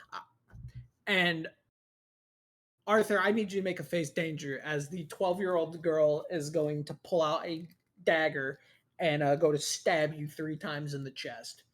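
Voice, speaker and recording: A young man narrating a tabletop game as game master, casual and rambling with plenty of swearing. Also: fairly high pitch.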